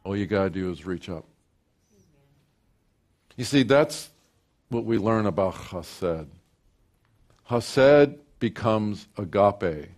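Grandfatherly older male preacher, unhurried. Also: fairly low pitch, lively intonation. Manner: swings from loud preaching to hushed storytelling; folksy, repeats and restarts phrases. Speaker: pastor. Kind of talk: sermon.

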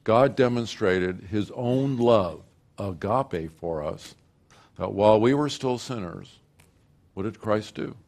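An older man, a grandfather, preaching a sermon, moving from loud declarations to hushed, folksy storytelling. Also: fairly low pitch, takes it slowly, vocal fry. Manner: folksy, repeats and restarts phrases. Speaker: pastor.

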